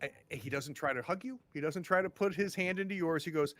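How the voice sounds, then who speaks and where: A man's voice: on the high side, a little fast, a bit bright. A man acting as game master, narrating a tabletop game descriptively, with hesitations and repeated words.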